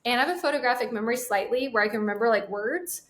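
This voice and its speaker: A woman's voice: fairly high pitch, racing. A woman in her twenties, a guest telling a casual story and acting out the quotes in it. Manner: animated, acts out quotes, laughs often. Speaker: guest, sales trainer.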